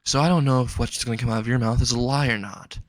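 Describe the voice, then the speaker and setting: A man voicing a sadistic young man who calmly taunts his captive in a storybook reading. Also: mid-range voice, quick pace, dry recording, lightly acted. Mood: cold taunting. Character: sadistic young man, cold calm torturer.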